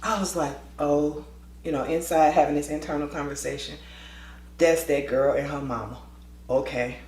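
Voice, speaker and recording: A woman telling a school story in a lively vlog style, acting out the voices with quick asides. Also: low-pitched, reverberant. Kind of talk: storytime vlog, animated retelling.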